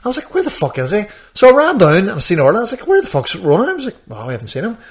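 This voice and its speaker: Guy rambling thru a story, highish voice, lively pitch, acts out the quotes. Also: rapid-fire. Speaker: podcast co-host. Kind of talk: casual chat.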